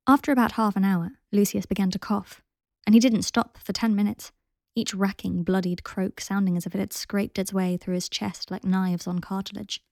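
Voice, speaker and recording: Woman with a gravelly voice reading a story. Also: medium pitch, fairly even intonation, moderate pace, darkish tone, dry recording, clean studio sound. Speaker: narrator. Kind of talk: audiobook reading of fan fiction.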